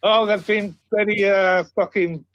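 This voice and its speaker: A man's voice: high-pitched, steady tone, measured pace, no room sound. A man calling into a football phone-in, blunt and swearing constantly. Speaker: caller. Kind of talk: casual phone-in call. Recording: dull muffled phone audio.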